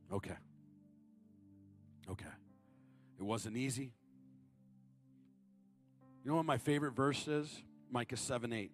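A man's voice: measured pace, pauses often, soft background music. Thirties man preaching with wide swings. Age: 30s. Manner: swings from shouted high appeals to low confiding storytelling. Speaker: guest preacher. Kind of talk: sermon.

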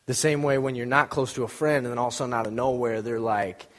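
A man's voice: medium pitch, little pitch movement, fast, fairly bright tone. A young man giving an informal sermon, chatty and joking, acting out little scenes as he tells stories. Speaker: preacher. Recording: long hall reverb.

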